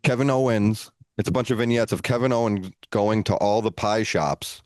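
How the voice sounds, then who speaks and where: A man co-hosting a podcast, telling a story in a relaxed, animated way with playful asides. His voice sits low, and the recording is dry and close. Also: moderate pace, dry recording. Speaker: podcast co-host. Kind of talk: casual storytelling.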